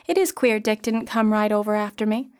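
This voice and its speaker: A woman's voice: mid-range voice, a little fast, smooth, close to an everyday voice. A woman voicing a vain, hot-tempered young woman. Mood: scornful. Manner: sharp, scornful, then pleading.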